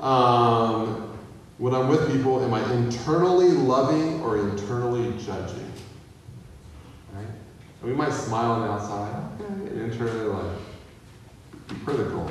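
A man preaches in an easy, conversational way and keeps asking his listeners questions. His voice comes from well back from the mic and rings through a long-echoing hall, with a faint hum of the room behind him. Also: medium pitch. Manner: conversational, asks the audience questions. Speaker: pastor. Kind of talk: sermon. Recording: echoey hall from far off.

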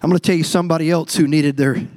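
During a church service, a male pastor preaches to the congregation in front of him, speaking very fast in a little high, steady, darkish voice. He is emphatic and repetitive, frequently calling out directly to the people.

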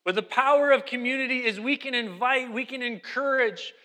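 Guy preaching in a church, high bright voice, long hall echo, leans hard on key words. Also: fairly quick. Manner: emphatic preaching, repeats key phrases. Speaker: pastor. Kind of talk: sermon.

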